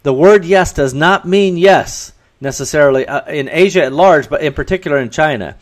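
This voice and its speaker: A man's voice: a little high, moderate pace. A man hosting a podcast, giving earnest business advice in a solo talk and acting out bits of dialogue. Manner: earnest and advising, acts out dialogue in quotes. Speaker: podcast host.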